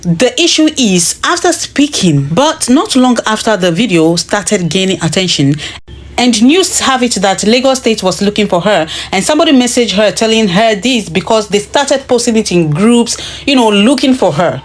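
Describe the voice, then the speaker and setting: A woman's voice: medium pitch, expressive, moderate pace. A woman giving an earnest, dismayed news commentary to her viewers. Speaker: vlogger.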